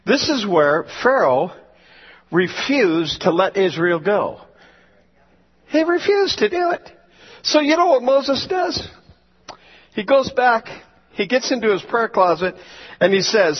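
Male pastor, emphatic storytelling sermon, high husky voice, unhurried, muffled recording. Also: very animated, in a large hall.

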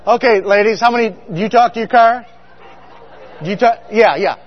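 With some chatter behind him, a middle-aged pastor whose voice sits high talks at normal speed through a funny sermon packed with stories. He keeps it chatty, often quizzing the congregation. The audio is dull with a long reverb from the hall.

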